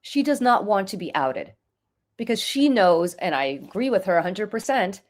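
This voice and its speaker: A woman's voice: medium pitch, very animated, normal speed. A woman giving impassioned talk-show commentary, emphatic and emotional, repeating her key points for force. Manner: emotional, urgent. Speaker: political commentator and nonprofit leader.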